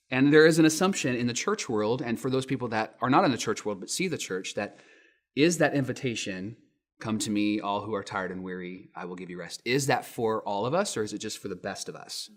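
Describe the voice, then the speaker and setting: A man in his thirties, a pastor giving a sermon with lively storytelling, acting out quotes in raised voices. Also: medium pitch.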